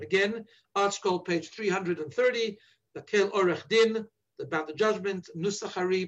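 A man's voice: high voice, fairly bright tone, dull audio. A man teaching prayer to listeners as a rabbi, earnest and instructive, patiently repeating page references. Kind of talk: explaining the liturgy to listeners.

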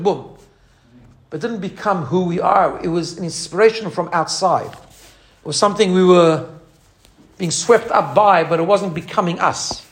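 A man teaching a lively religious lesson. He imitates sounds as he explains and often restarts his phrases. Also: high voice. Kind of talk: teaching talk.

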